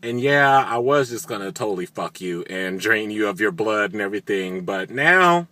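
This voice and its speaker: A man's voice: on the low side, lively intonation, moderate pace, pushed and bright, no room sound. A man doing a crude, angry impression of an ancient male villain. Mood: menacing. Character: ancient male fairy-vampire, furious, menacing.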